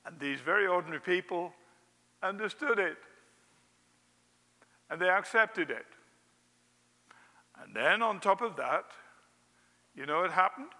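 A man's voice: high-pitched, expressive, a little slow, pauses often, sharp tone, long reverb tail. A man preaching a sermon, telling a wry anecdote and acting out its quotes.

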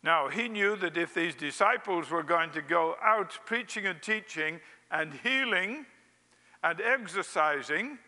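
Bright-voiced male preacher in reverberant hall. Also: high voice. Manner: anecdotal, wry storytelling with acted-out quotes. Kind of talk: sermon.

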